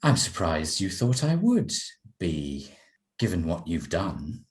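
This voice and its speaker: A man's voice: sits low, sing-song, takes it slowly, voice pushed down, heavily acted. A man voicing a haughty noblewoman who turns sulky when things go wrong, with a prim, clipped, indignant way of speaking. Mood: cold.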